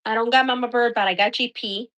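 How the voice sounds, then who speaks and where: A woman's voice: on the high side, steady tone, quick pace, bright, forceful tone. A woman hosting a casual live stream, chatting and rambling through stories as she shows her gear.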